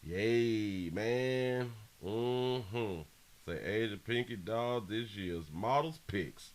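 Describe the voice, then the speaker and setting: A man's voice: on the low side, slow, a bit bright. A man hosting a live stream, chatting casually in slang, repeating phrases and reading out viewer donations. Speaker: livestream host.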